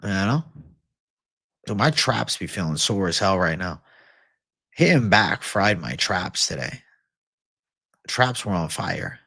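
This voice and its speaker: A man's voice: sits low, big pitch swings, slow pace, creaky, pauses often, bright, forceful tone, husky, no room sound. Livestream host, male, swears constantly, rants, dry booth-like sound. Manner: profane, ranting, reads viewer comments. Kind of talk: casual livestream Q&A.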